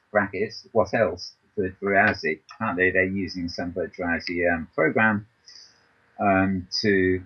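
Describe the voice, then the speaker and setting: A podcast host speaks in a low, slightly breathy male voice with the high frequencies cut off. He reads a news roundup for his talk show over a computer voice call, frequently hesitating with ums and restarting his sentences.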